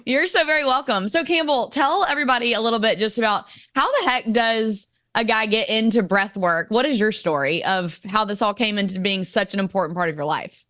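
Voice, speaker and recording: A woman's voice: medium pitch, brisk, hardly any pauses, fairly bright tone, dry recording, studio quality. A woman hosting a podcast in a bubbly, folksy way. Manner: bubbly, folksy, uses "y'all". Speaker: podcast host.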